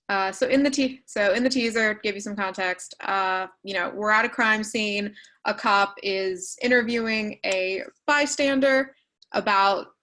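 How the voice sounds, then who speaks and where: A woman teaching a writing workshop over a video call, explaining in a casual, chatty way with many fillers and quick asides. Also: mid-range voice, sharp tone, rough recording. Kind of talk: online class walkthrough.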